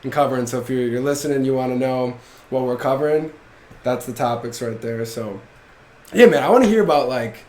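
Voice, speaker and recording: A man's voice: medium pitch, fairly quick, a little mellow, a little hiss or hum. Young male podcast host, loose and profane, recorded in a roomy space. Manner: loose, swears casually, laughs, many "like" fillers. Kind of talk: casual podcast chat. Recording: echoey room.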